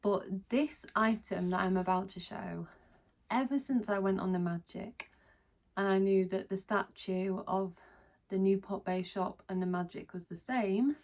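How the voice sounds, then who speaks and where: A woman's voice: mid-range voice, steady tone, measured pace. A woman chatting casually in a haul vlog, gushing enthusiastically over each item she shows. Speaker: vlogger. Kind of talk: casual haul video chat.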